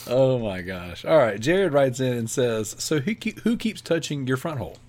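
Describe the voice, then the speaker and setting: A man's voice: medium pitch, big pitch swings, normal speed, a little mellow. A man co-hosting a podcast, reading listener questions and teasing the others, laughing often. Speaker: podcast co-host. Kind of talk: casual podcast banter.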